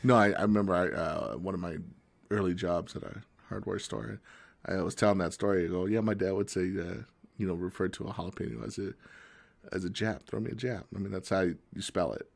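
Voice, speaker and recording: A man co-hosting a podcast in casual chat, telling stories in a halting way with many fillers. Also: low voice, fairly even intonation, creaky. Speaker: podcast co-host.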